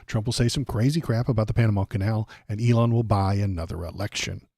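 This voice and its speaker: A man's voice: on the low side, darkish tone, dry recording, clean studio sound. A man hosting a political livestream, ranting bluntly and sarcastically.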